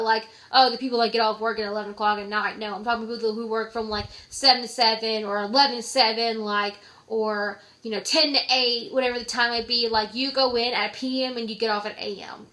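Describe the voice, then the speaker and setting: Young woman vlogger, higher-pitched, chatty, full of filler "likes"; casual advice tone. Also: pushed and bright.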